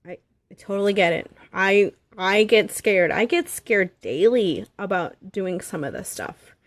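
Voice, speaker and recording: A woman in her thirties giving an earnest, halting motivational talk to her sales team, getting emotional at times. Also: mid-range voice, expressive, dry recording. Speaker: direct sales seller.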